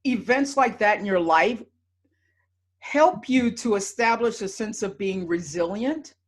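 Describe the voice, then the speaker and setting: A woman's voice: mid-range voice, measured pace. A woman hosting an interview as a coach, asking encouraging questions. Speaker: host and coach.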